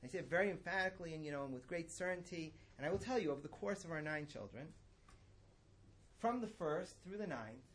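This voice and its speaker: This middle-aged man's voice leans high and expressive, and he talks fast over slight background noise. As a religious teacher, he gives a lecture-style lesson in a chatty manner, wandering off on tangents and stressing his points.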